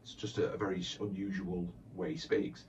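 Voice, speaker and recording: Deep-voiced man, distant muffled mic. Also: little pitch movement, a little fast, darkish tone, slight background noise. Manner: hesitant, many fillers and restarts, chatty. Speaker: comedy voiceover creator answering fan questions. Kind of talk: casual Q&A chat.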